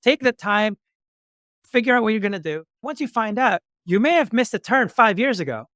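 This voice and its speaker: Animated male podcast host, dry sound. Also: high voice, normal speed, no echo. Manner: acts out both sides of remembered dialogues with lively shifts; motivational, speaks in metaphors. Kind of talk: animated storytelling in conversation.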